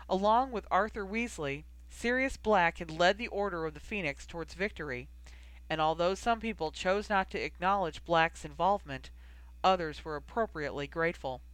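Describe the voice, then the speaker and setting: Measured storybook narrator, dry sound. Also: medium pitch, a bit bright, no echo. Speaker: audiobook narrator.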